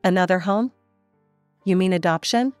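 A woman's voice: on the low side, normal speed, darkish tone, dry recording, faint music behind, lightly acted. A woman narrator voicing a selfish mother with forced cheerfulness. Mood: falsely sweet. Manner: falsely cheerful. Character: self-absorbed mother with fake sweetness.

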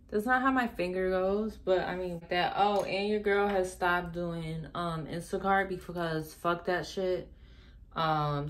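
A young woman vlogs straight into her phone camera in a casual, unscripted chat. Her voice sits a little low, and she talks frankly, swears freely and drops slangy asides. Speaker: beauty vlogger.

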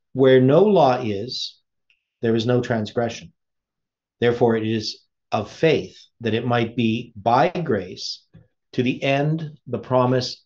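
A man's voice: medium pitch, darkish tone. Man reading a sermon, lo-fi sound. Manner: asks the listeners rhetorical questions. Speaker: preacher. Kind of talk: reading a sermon aloud with commentary.

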